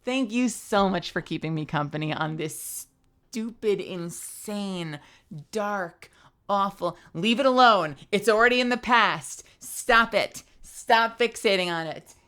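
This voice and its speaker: A woman's voice: medium pitch, unhurried, fairly bright tone, clear, resonant tone. A young woman streamer with a tired, strained voice, chatting animatedly, laughing and swearing freely. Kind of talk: casual stream outro chat.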